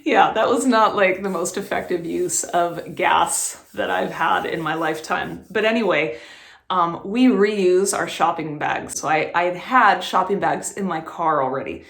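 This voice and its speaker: A woman in her thirties chatting to camera in a vlog, telling stories quickly and laughing often. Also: on the low side, vocal fry, fairly bright tone, roomy sound. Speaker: vlogger. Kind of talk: casual chat to camera.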